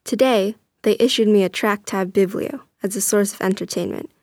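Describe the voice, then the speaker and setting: A young woman reading a first-person story aloud as narrator, earnest and steady. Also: medium pitch, normal speed, dry recording.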